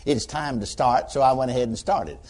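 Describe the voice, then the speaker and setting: A man preaching a sermon to a congregation, telling a story in a folksy, animated way. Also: mid-range voice, fairly quick.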